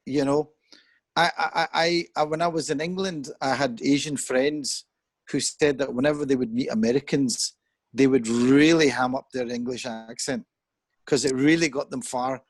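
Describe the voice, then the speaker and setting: Speaking as a discussion guest on a chat show, this fifty-something man thinks aloud, earnest and reflective, as though joining by video call. His pitch is medium, his tone steady, and he talks at a normal speed. It's a conversational discussion captured in a dry recording.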